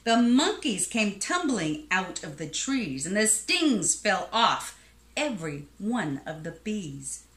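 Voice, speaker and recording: A woman reading a children's picture book aloud in an expressive, sing-song rhyming way. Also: medium pitch, slow. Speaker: storybook reader. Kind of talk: children's storybook read-aloud. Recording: echoey room.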